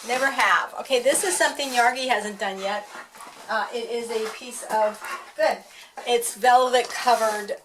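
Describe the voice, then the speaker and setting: A woman's voice: fairly high pitch, fairly even intonation, measured pace, noisy background. Chatty woman training her dog at home. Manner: chatty, talks to the dog and voices his thoughts. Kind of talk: casual training demonstration.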